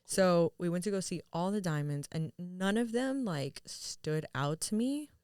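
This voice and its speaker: Young woman rambling through a story on a podcast, clean smooth voice, swears a lot, does little voices for people. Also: on the low side, unhurried, no room sound, clean studio sound. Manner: lively, acts out quotes, swears freely. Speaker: podcast guest, jewelry store owner. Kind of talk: casual storytelling.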